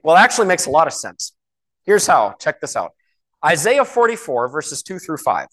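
A man preaching a sermon in a conversational way, asking rhetorical questions and slowing down to stress key words. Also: a little high, wildly swooping pitch, a bit bright. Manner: slows and stresses key words when reading scripture.

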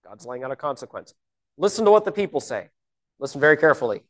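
Woman teaching scripture with lively pitch. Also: fast talker. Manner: explanatory, rhetorical questions. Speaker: Bible teacher. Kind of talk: Bible teaching.

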